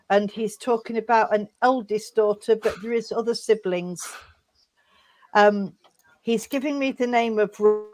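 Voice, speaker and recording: Halting woman medium calling people sweetheart. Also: fairly high pitch, a little mellow. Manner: halting, full of fillers and restarts, calls people sweetheart. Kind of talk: mediumship demonstration.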